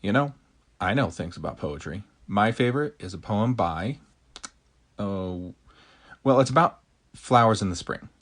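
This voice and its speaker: A man's voice: lowish voice, lively intonation, unhurried, pauses often. A man playing a jealous young rival who blusters and sulks in an audio drama. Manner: sulky, blustering.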